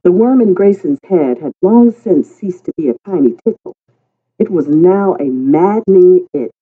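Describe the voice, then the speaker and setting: An audiobook narrator reading a story in a calm, unhurried way that turns lively in dialogue. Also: mid-range voice, slightly rough. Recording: tinny phone-like sound.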